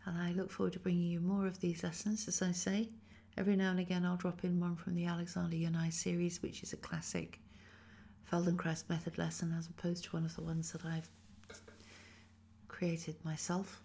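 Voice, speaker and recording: An English woman guiding a Feldenkrais lesson, speaking slowly and softly with many whispered phrases, her voice tired after a weekend of talking. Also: lowish voice, little pitch movement, slightly rough. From England. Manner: slow, soft-spoken guiding with frequent whispered phrases. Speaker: Feldenkrais teacher. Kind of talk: guided movement lesson.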